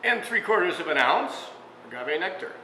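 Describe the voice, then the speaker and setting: Fairly high-pitched and sing-song, with a sharp tone at a normal speed, a restaurant chef hosts a casual cooking show. He chats and tells anecdotes during the demonstration, leaning on fillers and little chuckles mid-sentence. Audio comes from an echoey room with long reverb and a faint background hum.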